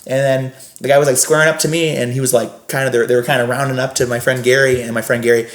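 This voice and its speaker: A man's voice: mid-range voice, level tone, quick pace, roomy sound. A man guest on a podcast, telling stories casually in a rambling way with frequent restarts. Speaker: guest, scare actor.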